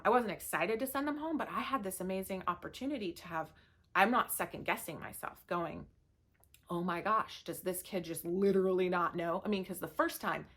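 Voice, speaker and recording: A woman with a lowish yet bright, forward voice runs a staff training session. She talks in a relaxed, conversational way and explains her points with stories from home. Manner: anecdotal, uses family stories as examples. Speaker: business leader training staff.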